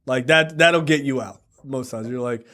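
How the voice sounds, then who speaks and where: A man's voice: mid-range voice, moderate pace, sharp tone. A man co-hosting a podcast in casual chat, laid-back and profane, laughing often as he talks. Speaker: podcast co-host.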